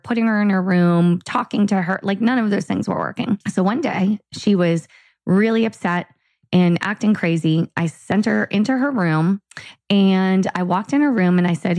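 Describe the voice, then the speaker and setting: A female podcast co-host with a mid-range voice relates a family story at a moderate pace. Her delivery is casual and animated, complete with acted-out dialogue, and the recording has no room sound.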